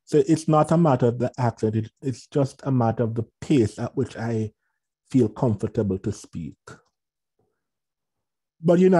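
A minister with a Jamaican accent speaks earnestly and reflectively in a mellow, medium-pitched voice, often repeating words as he searches for them.

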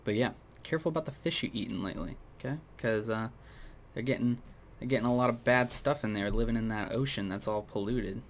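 A man giving casual gameplay commentary, going off on opinionated tangents and talking straight to viewers, with a dry mouth that keeps him clearing his throat. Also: mid-range voice, fairly quick, slight background noise. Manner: rambling, opinionated tangents, addresses viewers directly. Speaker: gaming video host.

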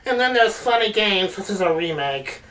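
A man's voice: high-pitched, lively intonation, normal speed, bright, forceful tone. Goofy, rambling guy chatting about movies. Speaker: co-host. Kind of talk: casual movie chat. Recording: distant mic with faint noise.

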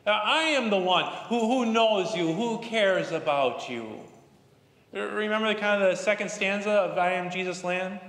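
A man in his thirties, a pastor giving a gentle children's chapel devotion in a storytelling way, with halting restarts. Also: sits high. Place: church chapel. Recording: roomy chapel with long reverb.

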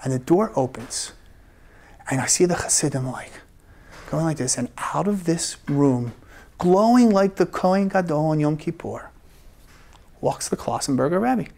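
A man, a rabbi, telling a personal story live at a story slam, animated and laughing often as he acts out the quoted lines. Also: on the high side, unhurried, vocal fry, long pauses. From United States. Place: event stage before an audience.

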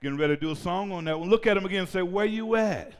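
A male pastor preaching a sermon in a church, shouting at times and leading call-and-response with the congregation. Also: high-pitched, rapid-fire, clear, resonant tone. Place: church sanctuary. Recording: reverberant church hall.

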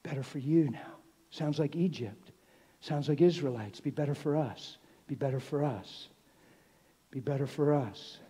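A middle-aged man preaching a sermon, swinging from hushed, near-whispered lines to loud exclaiming. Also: medium pitch, a little slow, breathy edge. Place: church hall. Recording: long hall reverb.

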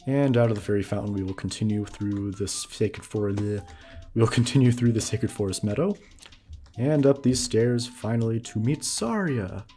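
A man's voice: fairly low pitch, expressive, normal speed, warm tone, soft background music. A man giving casual let's-play commentary, chuckling and explaining as he plays. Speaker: gamer.

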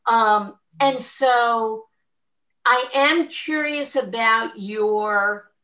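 A woman in an academic discussion who poses questions slowly. She pauses and searches for her words, circling back before she finishes each thought. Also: on the high side, bright, forceful tone. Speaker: discussion participant.

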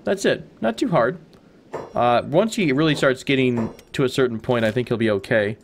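A man's voice: medium pitch, normal speed, slight background noise. A man hosting a let's play, giving casual gameplay commentary, chatty and rambling as he thinks aloud.

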